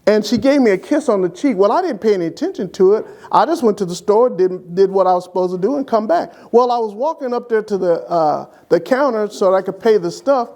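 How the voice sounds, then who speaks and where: His voice sits high and he talks briskly with hardly any pauses. An older church deacon, he entertains an interviewer with affectionate, funny stories about his late wife, animated and lively throughout this humorous remembrance.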